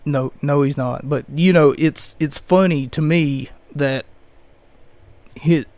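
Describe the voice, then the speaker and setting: A man's voice: on the high side, steady tone, slow pace, a little mellow, no echo. A man hosting a podcast, ranting sarcastically in casual commentary. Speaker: podcast host.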